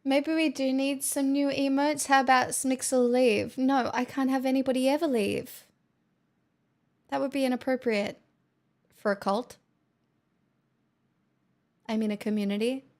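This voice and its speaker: A woman's voice: high voice, little pitch movement, unhurried, long pauses, darkish tone. A woman streamer chatting casually with her viewers, playful, giggly and teasing. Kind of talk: casual chat.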